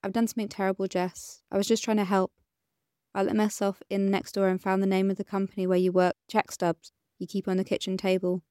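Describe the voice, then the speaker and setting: A woman voicing a tender woman who pleads softly and shares old memories in an audiobook. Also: mid-range voice, little pitch movement, a little fast, clear, resonant tone, no room sound, studio quality, natural voice. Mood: soothing. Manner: soft and pleading. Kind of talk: audiobook character reading.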